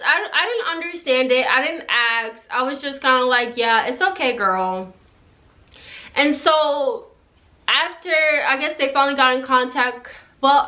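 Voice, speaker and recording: A woman's voice: high voice, sharp tone. A young woman who moved to the US, chatting through a storytime, rambling and laughing as she goes. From immigrant to the US. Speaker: storytime vlogger. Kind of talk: casual storytelling.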